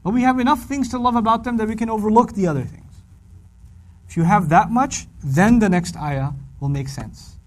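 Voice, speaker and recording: A middle-aged man teaching a religious lesson in an animated, conversational way. His voice sits fairly high, and he repeats key phrases for emphasis. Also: normal speed. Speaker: Quran teacher. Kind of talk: humorous religious lecture.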